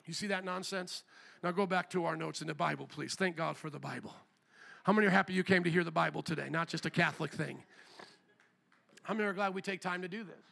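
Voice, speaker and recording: A man's voice: on the high side, fast, creaky, sharp tone. A man preaching a sermon as pastor, emphatic and asking the congregation questions.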